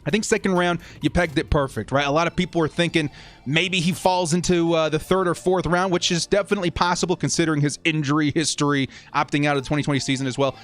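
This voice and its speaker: A man's voice: a little high, steady tone, quick pace. A young man hosting a casual fan live stream, upbeat as he reads viewer comments and thanks supporters.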